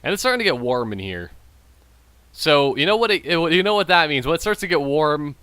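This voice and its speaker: Lively, bright-voiced tipsy gamer guy. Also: a little high, brisk, clean tone, no echo. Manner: rambling, jokey, self-amused. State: tipsy from drinking. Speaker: gaming channel host. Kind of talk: casual gameplay commentary.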